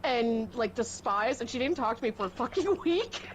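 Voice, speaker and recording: A woman in casual game chat, blunt and quick to swear and laugh. Her voice sits a bit high. A steady noise runs underneath. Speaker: gamer chatting with friends.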